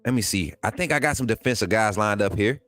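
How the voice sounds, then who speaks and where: A man's voice: on the low side, quick pace, no echo. Hyped up guy doing a sports livestream, talks right to the chat, says stuff over and over, dry close mic w faint music under it. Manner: excitable, hypes players, talks straight to viewers; repeats phrases, casual colloquial speech. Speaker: sports channel host. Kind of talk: casual livestream commentary reading chat.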